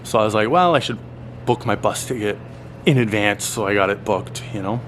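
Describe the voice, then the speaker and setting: A man from Alberta, Canada, recounting his travel mishaps to camera in a rambling, animated vlog, with lots of fillers and an exasperated curse now and then. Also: on the low side, fairly quick, slight background noise. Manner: swears in exasperation. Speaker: travel vlogger. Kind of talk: casual storytelling to camera.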